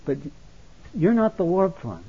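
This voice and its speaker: A male pastor preaching a sermon, impassioned, swinging between loud exhortation and quiet intimacy. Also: sits high, wildly swooping pitch, a little slow, breathy edge. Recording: tinny phone-like sound.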